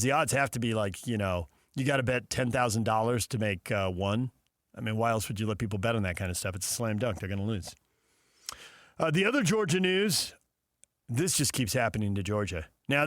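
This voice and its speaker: A man's voice: mid-range voice, dry recording, studio quality. A man hosting a sports talk show, riffing casually with sarcastic asides and mock dialogues.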